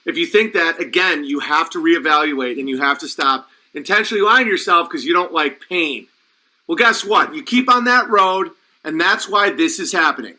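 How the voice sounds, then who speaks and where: Fired-up male podcast host, emphatic and preachy, with a high, piercing, sharp tone. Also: animated, normal speed, low-quality recording. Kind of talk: impassioned conspiracy monologue.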